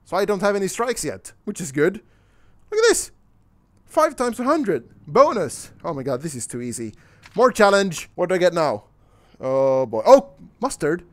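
An excitable young man talks his way through a video game, his pitch bouncing up and down as he reacts. He chatters to himself in a loose, casual way and drops the odd swear word. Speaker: gaming YouTuber. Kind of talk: casual let's-play commentary.

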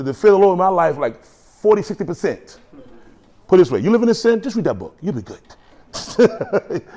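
A pastor preaching a lively sermon, acting out quotes and voices with humor. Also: male voice, on the high side.

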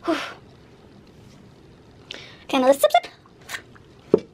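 A woman's voice: slow pace, mellow. A woman, vlogging to camera and talking to herself in an anxious, exclaiming way. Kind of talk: nervous casual vlog to camera.

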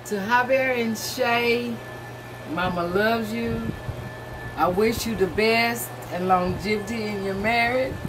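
A woman's voice: fairly high pitch, takes it slowly, music in the background, rough recording. A woman, the groom's mother, giving emotional, teasing wedding wishes on camera. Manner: tearful and teasing.

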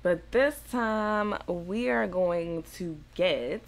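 Over background game music, a woman plays a life-sim game and keeps up a casual, slangy, playful commentary. She speaks on the low side, dragging out her words with vocal fry.

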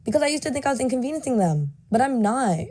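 A woman's voice: high-pitched, big pitch swings, rapid-fire, mellow. A nineteen-year-old woman talking frankly and casually into a voice memo, full of likes and you knows.

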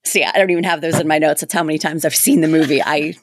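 A woman's voice: deep voice, steady tone, quick pace. A woman co-hosting a podcast, recapping a horror movie bluntly with exasperated swearing. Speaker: podcast co-host. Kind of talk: casual movie recap chat.

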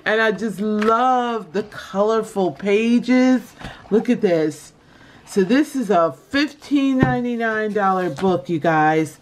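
Slow-talking woman with a giggly, chatty manner. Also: animated, slight background noise. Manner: chatty and giggly, addresses viewers as y'all and you guys; laughs often, voice jumps high when laughing. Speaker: vlogger showing a shopping haul. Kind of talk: casual haul video chat.

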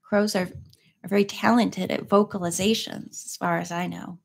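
A woman chatting casually between chapters of a read-aloud, rambling through gentle asides. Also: fairly low pitch, fairly even intonation, normal speed, creaky, breathy edge. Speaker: vlogger reading a book aloud. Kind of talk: casual chat.

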